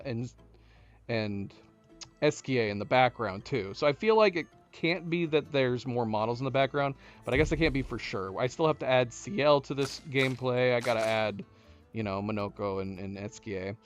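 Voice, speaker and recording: Rambling man streaming a game. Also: mid-range voice. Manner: rambling, thinking aloud with many restarts. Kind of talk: casual live-stream commentary.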